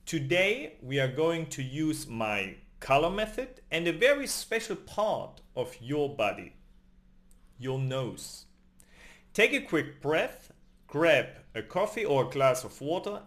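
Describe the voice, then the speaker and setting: A man teaching a scripted pronunciation lesson, speaking deliberately and stressing each example word. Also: medium pitch. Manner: slow, deliberate, lively teacher delivery with emphatic example words. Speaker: language teacher.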